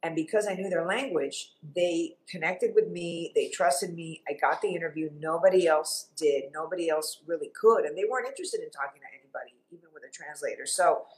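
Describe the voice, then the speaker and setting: A woman's voice: lowish voice, brisk, hardly any pauses, poor audio. A middle-aged woman from Cuba, a TV journalist, talking emphatically as a guest in an interview. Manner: animated, emphatic storyteller. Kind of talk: interview conversation.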